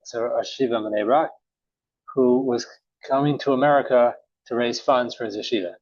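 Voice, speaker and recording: A man teaching a morning Talmud class, telling a story casually with many pauses and restarts. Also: medium pitch, no room sound. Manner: relaxed, halting, many uhs and restarts. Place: synagogue or study room. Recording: dull, dry recording.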